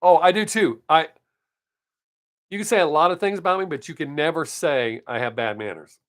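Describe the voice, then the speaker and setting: A man's voice: a little high, moderate pace, a bit bright. A middle-aged man hosting his live stream, telling everyday stories in a casual, blunt way with swearing and frequent chuckles. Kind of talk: casual storytelling chat.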